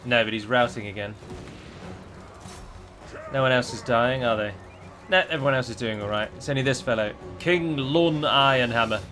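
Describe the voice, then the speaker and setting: A man's voice: medium pitch, moderate pace, pauses often, bright, forceful tone, faint music behind. A man commenting on his own strategy game, chatty and wry, asking his units what they are doing. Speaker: gameplay commentator.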